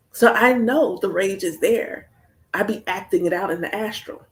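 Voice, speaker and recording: An American woman hosting a casual livestream chat, talking in an animated, storytelling way with playful asides. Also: mid-range voice, moderate pace. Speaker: spiritual practitioner hosting a livestream.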